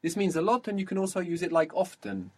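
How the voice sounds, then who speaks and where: A man teaching a one-on-one spoken language lesson, patiently explaining and modelling words slowly. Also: high voice, big pitch swings.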